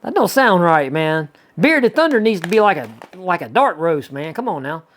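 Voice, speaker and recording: A man with a Southern US accent hosting a casual unboxing vlog, chatty and excitable, rambling with lots of asides. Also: sits high, normal speed. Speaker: YouTuber reviewing subscription boxes.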